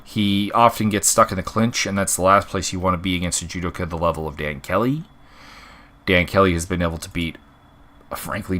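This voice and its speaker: Deep, bright-toned man talking fight picks. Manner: rambling, many fillers and restarts. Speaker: MMA fight predictions host. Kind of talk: casual unscripted commentary.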